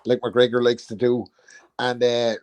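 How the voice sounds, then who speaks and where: A man's voice: mid-range voice, completely flat delivery, a little slow, darkish tone, clean tone. Man chuckling through a story. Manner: laughing storyteller, swears often. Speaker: podcast co-host. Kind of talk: casual chat.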